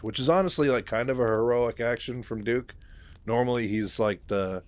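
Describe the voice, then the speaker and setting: A man's voice: mid-range voice, moderate pace. A man casually retelling a novel's story, rambling with many fillers and chuckling at his own asides.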